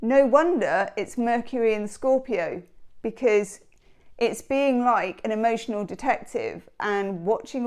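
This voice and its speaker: Female tarot reader, rambling and enthusiastic, pitched a touch high. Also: expressive, measured pace, a little mellow. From England. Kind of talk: casual tarot reading chat.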